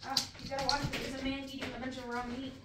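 High-voiced chatty woman. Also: flat delivery, very fast, a bit bright. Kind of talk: casual chat.

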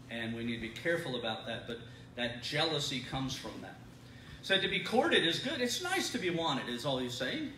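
Recorded from a distance in an echoey congregation room, with a noisy background and the voice off the mic, a middle-aged man speaks at medium pitch. He teaches the Bible study sermon-style, folksy and chatty, repeating words and laughing often.

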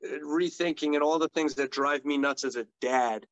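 Man, middle-aged, lively storyteller, somewhat high voice, conversational interview guest. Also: normal speed, lo-fi sound. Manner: animated, enthusiastic storyteller. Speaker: occupational therapist guest.

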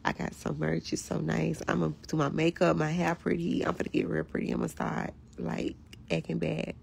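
A woman with a hoarse, raspy voice, chatting casually to viewers on a phone livestream in a candid, profane, rambling way. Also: deep voice, little pitch movement, a little fast, slight background noise. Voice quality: raspy, gravelly voice.

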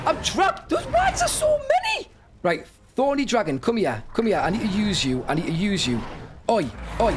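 A young man giving excitable gameplay commentary, often yelping and shouting in panic. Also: on the high side, slight background noise. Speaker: gaming YouTuber.

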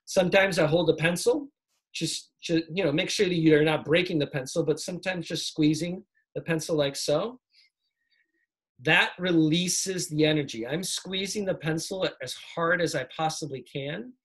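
A man teaching communication skills in a casual, energetic workshop, showing little tricks as he talks. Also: a little high, moderate pace, breathy edge. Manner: energetic, demonstrates tricks while talking. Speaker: speaking coach. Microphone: video call.

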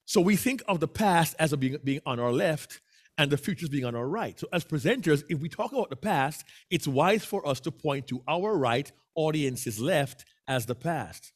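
Lively Jamaican-accented speaking coach. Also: male voice, on the high side, moderate pace. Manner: animated, coaxing answers from the audience. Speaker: workshop presenter. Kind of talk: interactive speaking lesson. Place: meeting room with a hybrid online audience.

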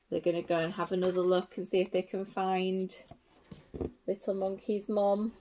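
A woman teacher reading a picture book aloud to young children, gently asking questions and explaining along the way. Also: medium pitch, flat delivery, normal speed.

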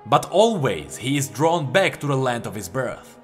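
A man's voice: medium pitch, sing-song, normal speed, faint music behind, close to an everyday voice. A man doing a weary, solemn wounded warrior. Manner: solemn, grave.

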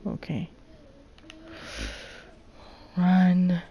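A woman's voice: lowish voice, little pitch movement, extremely slow, creaky, highs cut off. A woman hosting a gaming channel, muttering to herself through a survival game with jittery, frightened chatter and sudden panicked yelps. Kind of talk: solo let's play commentary.

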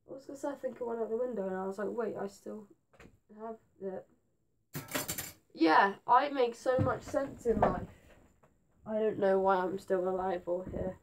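A teenage girl, rambling to camera in her bedroom; her voice is going hoarse, and she is scatterbrained and jumpy. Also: a little high, noisy background. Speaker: gaming vlogger. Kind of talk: rambling casual vlog to camera.

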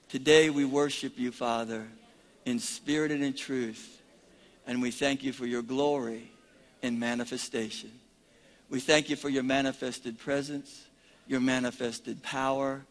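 A man preaching as pastor, leading a congregation in call-and-response and swinging between shouted praise and quiet prayer. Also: fairly high pitch, expressive, a little slow. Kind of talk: sermon.

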